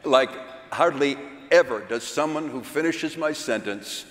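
A man giving a seminar talk at a church conference, speaking slowly and with self-deprecating humor. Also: mid-range voice, a bit bright. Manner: slow, unhurried delivery; self-deprecating, chuckles between points. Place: large hall at a church conference. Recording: echoey hall with long reverb.

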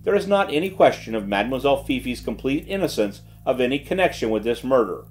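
A man voicing a shrewd gentleman detective who speaks quietly and with calm assurance. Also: medium pitch, faint music behind, close to an everyday voice. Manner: quiet, measured, self-assured.

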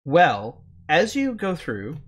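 A man narrating as game master, with frequent pauses and fillers. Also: fairly high pitch, huge pitch swings. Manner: halting, many fillers.

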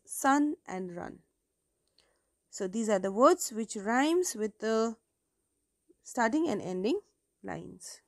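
A woman's voice: on the high side, no room sound, clean studio sound. A woman teaching an English literature lesson for exam preparation, explaining step by step with frequent okays and self-corrections. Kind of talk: exam-prep lecture.

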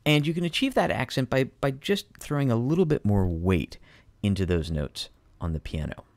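A man's voice: mid-range voice, expressive, normal speed, a little mellow, no echo. A man teaching piano, patiently walking students through a piece step by step. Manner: patient, methodical, emphatic explanations.

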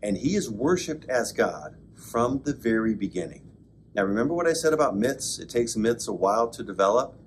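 A man, a pastor, giving a conversational Bible class lecture, with joking asides and bursts of excited emphasis. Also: mid-range voice, normal speed, a little hiss or hum. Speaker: pastor teaching an adult class. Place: church classroom.

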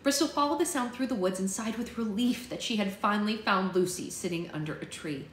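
A woman hosting a book club, reading a children's novel aloud in a steady, plain storytelling manner with small slips. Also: medium pitch, brisk, echoey room, slight background noise, poor audio.

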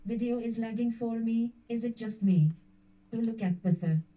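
A synthetic woman's voice reading out chat names and comments in a flat machine delivery. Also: a little high, normal speed, recorded from a distance, poor audio.

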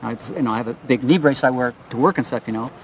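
An older man talks fast outdoors on a residential street, telling a detective how he was attacked. He stumbles and repeats words, slipping into quoting the other people involved. His pitch sits in a middle range. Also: a little hiss or hum, poor audio. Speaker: assault victim. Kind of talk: recounting events to police.

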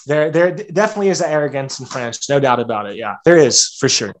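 A man's voice: mid-range voice, fast talker. A young American man on a podcast, casually rambling with frequent restarts and "like" fillers. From United States. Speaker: guest, serving legionnaire.

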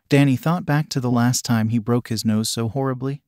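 A man's voice: medium pitch, fairly quick, few pauses, a little mellow, dry recording. Man narrating a fan story, dry close sound. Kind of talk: fan fiction reading.

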